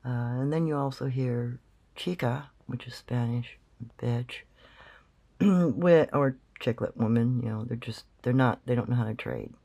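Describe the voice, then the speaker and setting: A man's voice: mid-range voice, steady tone, moderate pace, vocal fry, darkish tone. A man explaining a recording in casual commentary, rambling and thinking aloud with many fillers. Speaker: channel host.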